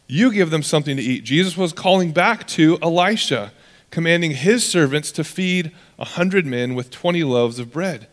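Man, pastor, sermon, conversational, middle pitch. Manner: conversational, casual asides and quoted dialogue.

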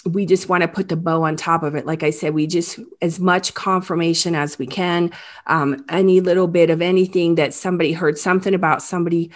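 A woman hosting an interview, talking haltingly with many restarts, close to tears. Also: lowish voice, steady tone. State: emotional, near tears. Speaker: host. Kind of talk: emotional interview about a crime case.

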